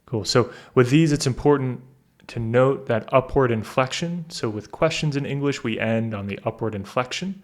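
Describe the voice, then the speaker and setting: A man tutoring through a practice test, thinking aloud, reading sentences deliberately and correcting himself as he goes. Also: mid-range voice. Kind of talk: casual walkthrough of a practice test.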